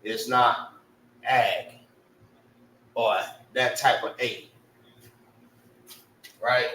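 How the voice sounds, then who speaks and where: A man's voice: mid-range voice, little pitch movement, drawn-out words, long pauses, bright, forceful tone, roomy sound, far from the mic, poor audio. A man teaching a casual language lesson, spelling out sounds and often checking in with "right?".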